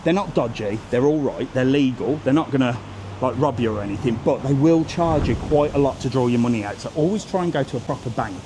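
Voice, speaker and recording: A man's voice: mid-range voice, expressive, quick pace, noisy background. A blunt, sweary man, chatting casually as he walks a seaside street for his travel vlog, filmed on a handheld phone. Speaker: travel vlogger. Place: outdoors on a windy seaside street.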